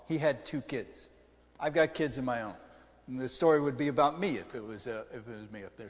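A middle-aged man preaching from the pulpit in a relaxed, talkative way, pausing to quiz his congregation. His voice sits at a medium pitch and rings out with the long reverb of a church hall. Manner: conversational preaching with questions to the congregation. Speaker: pastor. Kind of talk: sermon.

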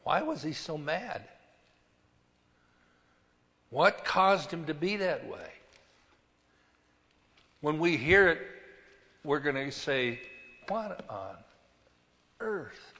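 Slow, bright-voiced preacher in a reverberant hall. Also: male voice, fairly high pitch, expressive. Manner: slow, emphatic preaching with scripture reading. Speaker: pastor. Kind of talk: sermon.

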